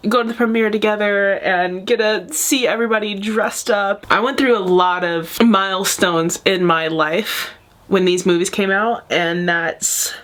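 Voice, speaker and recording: A woman's voice: mid-range voice, a bit bright. A woman in her twenties chatting casually and emotionally as she reacts to a video, rambling with many fillers. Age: 20s.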